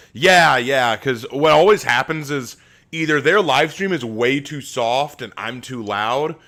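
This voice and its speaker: Man, live stream host, casual chat, reads viewer messages, mid-pitched voice. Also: pushed and bright.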